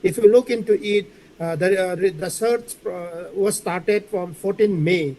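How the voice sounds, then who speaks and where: A man's voice: sits high, measured pace, a little mellow, slight background noise, rough recording. A man giving methodical, hesitant commentary as a panelist on a news debate. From Manipur. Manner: hesitant, filler-heavy, methodical.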